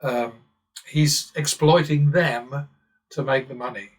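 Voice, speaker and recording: English man, casual rambling monologue, sardonic, digressive, mid-pitched, mic a little distant. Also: fairly even intonation, takes it slowly. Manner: digressive and sardonic, chuckles often. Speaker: channel host.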